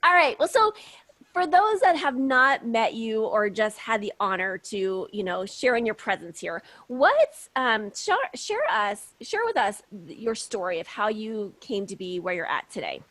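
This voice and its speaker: A woman from Kansas hosts an interview show with gushing enthusiasm and frequent laughter. Her voice sits a bit high. The sound is dry and close, with no room around it. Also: very animated, measured pace, fairly bright tone, no echo. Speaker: podcast host. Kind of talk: upbeat interview.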